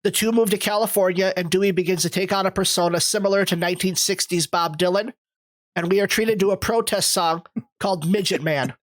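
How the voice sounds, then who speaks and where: A podcast co-host reading a film's plot summary in a steady, measured way. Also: mid-range voice, no room sound, rough recording. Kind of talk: reading a plot summary, then casual discussion.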